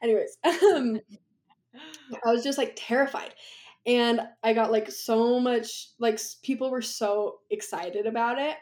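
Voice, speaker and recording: A woman's voice: fairly high pitch, measured pace, a little mellow. A young woman talking as a podcast guest in a chatty, rambling way, laughing often. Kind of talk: casual conversation.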